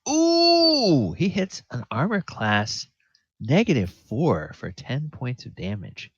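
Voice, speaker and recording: A man running a tabletop game as game master, unhurried and thinking aloud with many fillers. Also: medium pitch, sing-song, slightly rough, no room sound. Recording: dull lo-fi audio.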